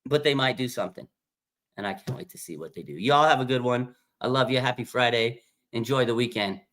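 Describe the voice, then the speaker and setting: A male host chats casually on a fan livestream, reading out viewer comments and mulling them over. He talks in a relaxed, thinking-aloud way at a middle pitch. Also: fairly quick. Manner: laid-back, thinking aloud with fillers.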